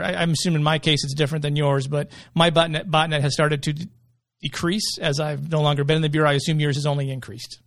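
A man's voice: on the high side, dry recording, clean studio sound. A middle-aged man hosting a casual podcast interview, joking and rambling with frequent restarts. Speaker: podcast host.

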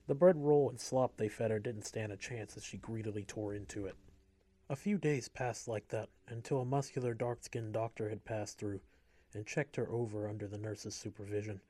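A man reading a story aloud in a steady, measured way. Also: lowish voice, no room sound.

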